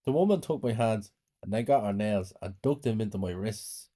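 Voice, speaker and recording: A man's voice: lowish voice, lively intonation, normal speed, warm tone. A man narrating a first-person horror story in a plain, unpolished way.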